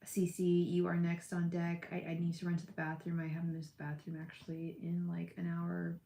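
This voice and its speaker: A woman's voice: fairly low pitch, completely flat delivery, normal speed, gravelly, warm tone, roomy sound. A young woman chatting with viewers on a live tarot stream, gushing and emotional, calling people by name. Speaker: livestream tarot reader.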